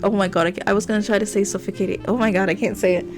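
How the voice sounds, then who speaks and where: A woman's voice: medium pitch, steady tone, very fast, few pauses. A young woman streamer reading a romance game aloud. She giggles and drifts into rambling asides. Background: game music.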